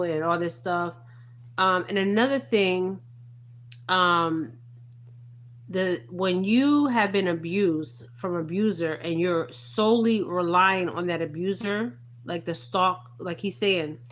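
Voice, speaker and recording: A woman's voice: on the low side, fairly bright tone, slight background noise. A woman giving earnest spiritual commentary in a casual vlog, stressing each point and tagging most lines with "okay?". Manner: repeats "okay?" constantly, earnest and emphatic. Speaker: spiritual reader.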